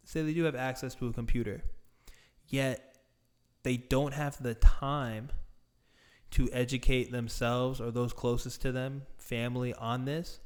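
A man giving an earnest monologue straight to his viewers, deliberate and emphatic, drawing out the words he stresses. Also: mid-range voice, steady tone, clear, resonant tone. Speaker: speaker addressing viewers. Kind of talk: earnest direct-address monologue.

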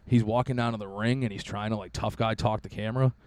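Young guy hosting a podcast, lowish voice, crude and laid-back banter. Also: fairly even intonation, quick pace, darkish tone, dry recording. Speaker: podcast host. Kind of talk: casual podcast chat.

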